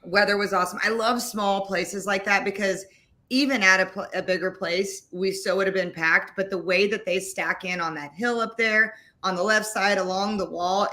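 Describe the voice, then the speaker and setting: A woman, co-hosting a casual chat and telling animated stories with some swearing. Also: fairly low pitch. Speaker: co-host.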